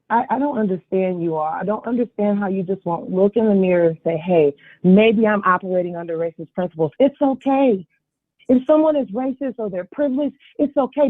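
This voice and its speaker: A tired woman calling in to give a blunt, indignant public comment, her voice a little husky. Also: fairly high pitch, no room sound. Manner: indignant, blunt, pointed questions. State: tired, yawning. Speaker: caller giving public comment. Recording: tinny phone line, dry.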